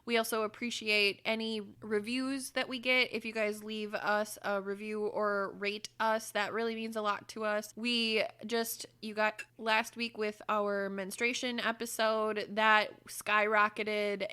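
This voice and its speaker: A woman's voice: medium pitch, level tone, unhurried, hardly any pauses, pushed and bright, clear, resonant tone. A woman co-hosting a casual podcast, talking heatedly and swearing freely while she keeps hiccuping. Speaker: podcast co-host.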